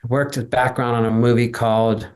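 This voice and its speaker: A man's voice: mid-range voice, level tone, normal speed. A man, a former background actor, telling rambling anecdotes in a casual interview and acting out quoted dialogue.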